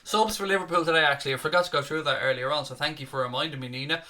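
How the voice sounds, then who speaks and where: A young man with a Dublin Irish accent races through casual chat while co-hosting a live football watchalong for a fan channel, reading viewer comments and cursing freely. His voice is a little high, pushed and bright, recorded at his home desk with a webcam setup.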